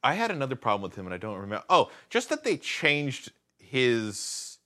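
A man's voice: medium pitch, huge pitch swings, moderate pace, sharp tone. A man co-hosting a podcast, ranting sarcastically about a movie in casual chat. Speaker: podcast co-host. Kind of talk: casual film review chat.

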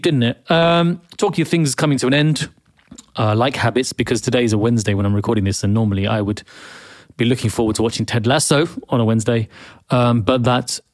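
A man's voice: mid-range voice, no echo, studio quality. A man hosting his own podcast, talking in a rambling, chatty monologue full of restarts and self-corrections. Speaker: podcast host. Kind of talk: casual solo monologue.

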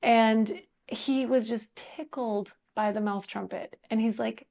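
Woman musician guest, fairly high voice with lots of vocal fry; chatty, animated storyteller. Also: takes it slowly. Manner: chatty, animated storyteller, laughs often, many fillers. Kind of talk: casual interview chat.

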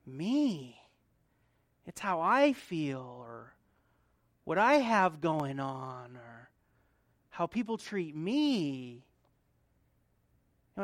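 A man preaching a sermon in a relaxed, conversational manner. He drops to quiet asides, then builds to loud, emphatic repeated points. The sound is close and dry, with no room around it. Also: a little high, dry recording. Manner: conversational, swings between soft asides and loud emphatic build-ups, laughs often. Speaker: pastor.

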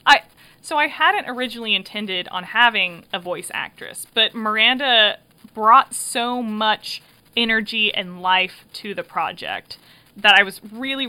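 A woman's voice: mid-range voice, very animated, measured pace, sharp tone. A woman hosting a podcast wrap-up in casual chat, laughing often and filling gaps with um and uh. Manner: chatty, laughs often, frequent fillers. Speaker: podcast host and creator.

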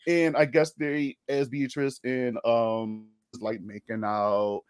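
A man's voice: medium pitch, little pitch movement, slow pace, clean tone, no room sound, studio quality. A young man co-hosting a podcast, casually retelling a film with lots of laughter and rambling asides. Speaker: podcast co-host.

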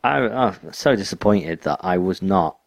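A man's voice: deep voice, lively intonation, unhurried, creaky, no room sound. A man co-hosting a podcast in casual chat, rambling and restarting his sentences. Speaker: podcast co-host.

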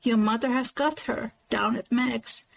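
A woman's voice: fairly high pitch, steady tone, a little slow, vocal fry, poor audio. A woman reading aloud as Laurie, a mischievous, proud young man, in a teasing manner. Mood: playful.

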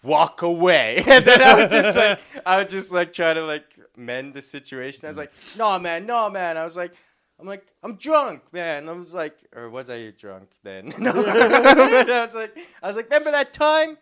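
Young man, podcast co-host, bright voice, lively pitch, laughs a lot. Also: normal speed, clean tone. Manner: laughs often, acts out quotes. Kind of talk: casual chat.

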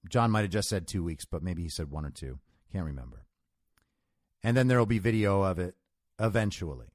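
A man's voice: fairly low pitch, dry recording, clean studio sound. A man hosting a show, delivering a solo commentary monologue in a conversational, emphatic way and telling stories to make his points. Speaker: show host.

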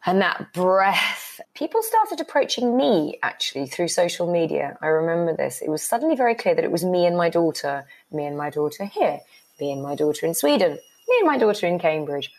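Earnest woman in her forties, low voice. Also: creaky, rough recording. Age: 40s. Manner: earnest, repeats herself, swings high when moved. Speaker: guest, writer. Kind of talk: emotional personal interview.

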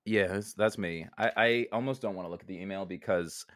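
A man co-hosting a casual comedic podcast, talking in halting, self-deprecating bursts full of restarts. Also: low voice, fairly bright tone. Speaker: co-host.

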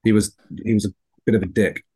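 A man co-hosting a casual podcast, talking haltingly with lots of fillers, swearing, and laughing easily. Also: on the low side, flat delivery, warm tone, breathy edge. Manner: hesitant, filler-heavy, profane, laughs easily. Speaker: podcast co-host. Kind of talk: casual chat.

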